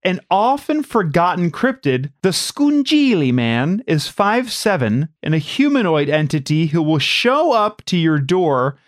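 A woman's voice: fairly low pitch, very animated, a little slow, hardly any pauses, no echo, clean studio sound. A woman co-hosting a casual podcast chat, goofy and playful. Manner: goofy, playful, slips into silly voices. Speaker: podcast co-host.

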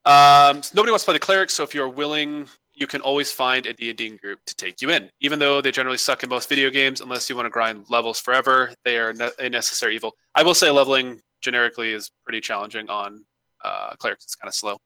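A man's voice: mid-range voice, steady tone, fast talker, bright, forceful tone, smooth, dry recording. A man co-hosting a casual podcast, reading listener emails aloud with joking asides.

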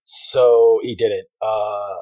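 A man's voice: lowish voice, steady tone, extremely slow, warm tone, dry recording. A man running a tabletop game as game master, loose and laughing, with lots of swearing.

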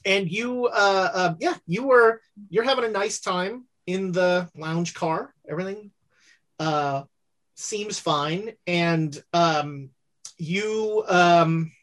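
A woman narrating a tabletop horror game as game master, pausing often with fillers. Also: lowish voice. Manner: halting, filler-heavy narration.

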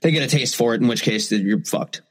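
A man's voice: medium pitch, brisk, slightly rough. A man co-hosting a podcast, making crude jokes in casual true crime chat. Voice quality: joking, crude asides. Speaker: podcast co-host.

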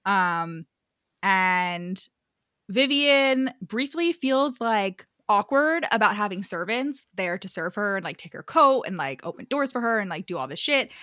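A woman's voice: mid-range voice, lively intonation, unhurried, a bit bright, no echo, clean studio sound. An American woman co-hosting a casual book podcast, chatty and profane, laughing often as she talks. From United States. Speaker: podcast co-host.

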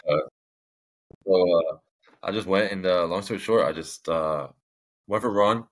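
As a guest on a podcast, this young man talks at normal speed in a voice that sits low. He recounts his personal experiences candidly, wandering along with many fillers and restarts.

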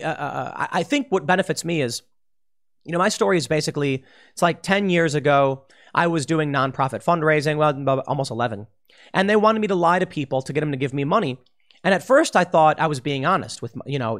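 A man's voice: fairly high pitch, fairly bright tone. A man delivering an unscripted political monologue to camera, restless, often repeating and restarting his phrases. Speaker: political commentator.

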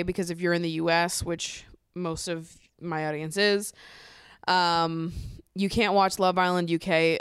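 A woman's voice: on the low side, fairly bright tone, smooth, no room sound, clean studio sound. A young adult woman hosting a casual chat podcast, bubbly and gushing, laughing often. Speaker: podcast host.

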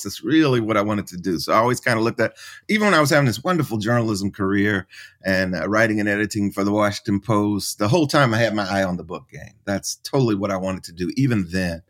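A middle-aged man, a writer and professor, answering as a podcast guest in an animated storytelling way. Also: fairly low pitch. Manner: animated storyteller, acts out quoted voices.

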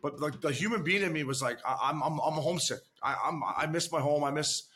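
A former pro hockey player, a man, chats as a guest on a podcast in a casual way. His voice sits on the high side, fairly quick, bright and forceful, and he keeps restarting sentences, swears loosely, and calls the hosts "boys" and "fella."

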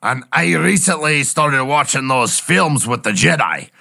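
A man voicing a drunk, crude, loudmouthed male dwarf in an improvised comedy podcast. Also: mid-range voice, lively intonation, a little slow, gravelly, full character voice. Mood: tipsy. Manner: rowdy, shouting, crude.

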